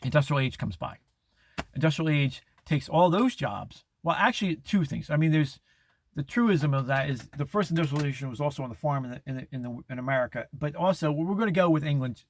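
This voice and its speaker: A middle-aged man hosting a podcast, talking in a rambling monologue with many restarts and false starts. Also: dry recording. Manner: halting, many restarts, mocking falsetto impressions. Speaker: podcast host.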